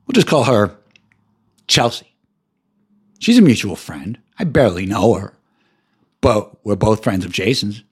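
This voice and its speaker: Angry husky-voiced man ranting. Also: sing-song, measured pace, pauses often. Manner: profane, ranting, voice jumps high when heated. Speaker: podcast host. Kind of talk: angry solo rant.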